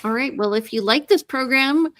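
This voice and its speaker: An upbeat woman hosting a real estate talk show, chatting casually and briskly reading out numbers and emails. Her voice sits at a middle pitch, and the recording is close and dry with no room sound. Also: fairly bright tone, no room sound. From Canada. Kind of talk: casual radio-style chat.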